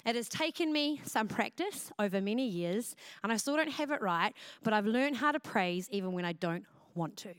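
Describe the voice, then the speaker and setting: A woman preaching a sermon in a loud, expressive style. Her voice is fairly high, smooth and resonant. It sounds close and dry, with almost no room echo. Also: normal speed, few pauses. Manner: loud, expressive preaching with acted self-talk. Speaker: pastor.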